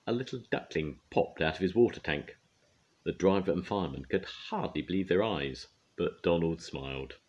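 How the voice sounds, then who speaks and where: An older man reading a children's story aloud with an expressive, lively delivery. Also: sits low, normal speed. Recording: dull lo-fi recording.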